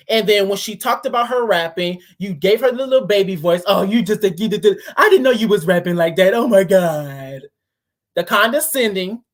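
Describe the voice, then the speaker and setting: Woman giving pointed reaction commentary. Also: mid-range voice. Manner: analytical, picks apart tone and wording.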